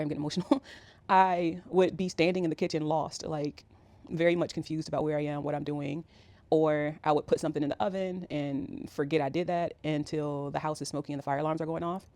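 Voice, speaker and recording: A woman's voice: low voice, darkish tone, no echo. A woman in her thirties telling a personal story in a casual, rambling way, with many fillers. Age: 30s. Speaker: vlogger.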